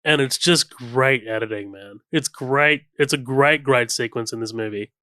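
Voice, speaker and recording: A man co-hosting a film podcast talks through the movie with real enthusiasm, retelling scenes and even humming the score. His voice is smooth and resonant, and it sounds close and dry. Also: medium pitch, moderate pace, dry recording. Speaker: podcast co-host. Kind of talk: casual film commentary chat.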